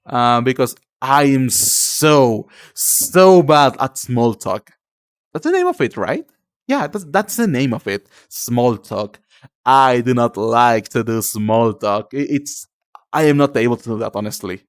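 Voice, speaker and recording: Lively male streamer. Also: mid-range voice, clean tone, no echo, clean studio sound. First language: Spanish. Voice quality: halting, searching for words in a second language. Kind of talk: casual live-stream chat, reading chat aloud.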